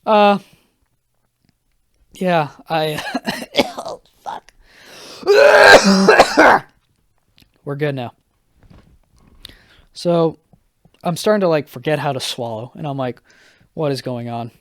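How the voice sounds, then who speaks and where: A young man hosting a solo podcast, telling a story in a casual, rambling, profane way, a little hoarse and stopping often to correct himself. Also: a little high, very animated, extremely slow, long pauses, a bit bright, no echo, clean studio sound. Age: young adult. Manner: rambling, profane, self-interrupting. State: slightly hoarse. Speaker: podcast host.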